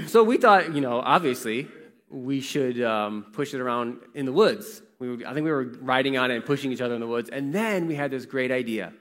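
A male pastor preaches in a relaxed, storytelling way, asking the congregation questions as he goes. His pitch swings widely, rising and falling with animation. His voice carries through a big church hall with a long, lingering reverb. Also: normal speed. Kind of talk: sermon.

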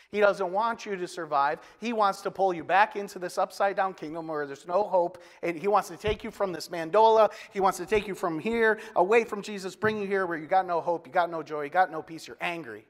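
High-voiced man preaching in a reverberant hall. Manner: conversational preaching with folksy asides and self-deprecating humor. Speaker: pastor. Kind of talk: sermon.

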